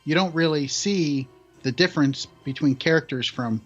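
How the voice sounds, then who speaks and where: A man co-hosting a podcast, talking in a relaxed, unhurried casual way. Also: on the high side, dull audio, faint music behind. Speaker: podcast co-host. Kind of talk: casual chat.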